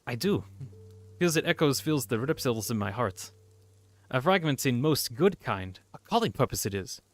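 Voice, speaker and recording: A man voicing a mystical magical woman with a put-on Scottish accent, speaking in halting, archaic phrases. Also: mid-range voice, sing-song, dry recording. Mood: dreamy.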